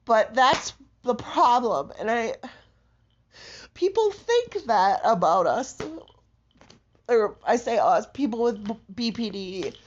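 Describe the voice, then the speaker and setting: A woman in a raw confessional monologue, distraught and halting, swearing heavily and breaking into shaky laughter. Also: a little high, big pitch swings. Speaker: vlogger. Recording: dull lo-fi audio.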